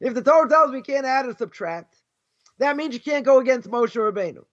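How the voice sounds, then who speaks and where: A man's voice: extremely high pitch, animated, a little fast, fairly bright tone. A man with a Boston accent teaching an informal Torah class as a rabbi, arguing in rhetorical questions and repeating his key phrases for emphasis. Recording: dull lo-fi recording.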